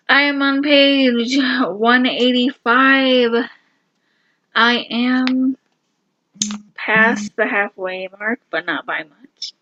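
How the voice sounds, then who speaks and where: A woman giving casual reading-vlog check-ins, excitable and gushing, often repeating herself. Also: on the high side, very slow, pauses often, highs cut off. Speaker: booktuber.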